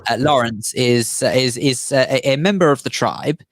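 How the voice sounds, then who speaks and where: A man's voice: medium pitch, moderate pace, no room sound. A man co-hosting a radio show in casual chat, talking earnestly and a little formally. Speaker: radio co-host. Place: radio studio.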